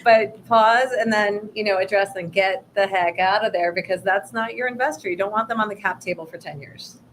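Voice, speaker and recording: A woman's voice: mid-range voice, fairly even intonation, brisk, a bit bright, rough recording. Upbeat woman workshop co-host, promotional and chatty, faint background noise. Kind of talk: workshop talk on pitching investors.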